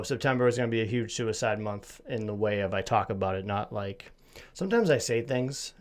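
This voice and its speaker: A man from Massachusetts hosting a solo podcast, chatting casually in a rambling, self-deprecating, jokey way with a slight lisp. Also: medium pitch. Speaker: podcast host.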